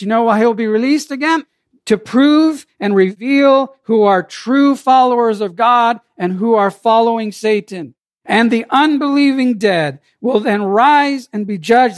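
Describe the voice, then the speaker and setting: A male pastor delivering a sermon in an emphatic, rising and falling style. His voice sits high for a man. The sound is dry, with no room echo.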